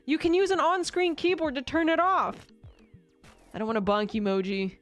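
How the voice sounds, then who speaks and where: A woman's voice: high voice, big pitch swings, normal speed, dull audio, faint music behind. A woman streamer chatting casually with her viewers, rambling and self-mocking and often breaking into laughter.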